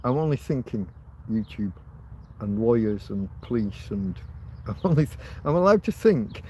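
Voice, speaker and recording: A man's voice: on the low side, big pitch swings, moderate pace, a little mellow, a little hiss or hum. A man hosting a casual livestream, rambling, laughing often and swearing. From Britain. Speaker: livestream host.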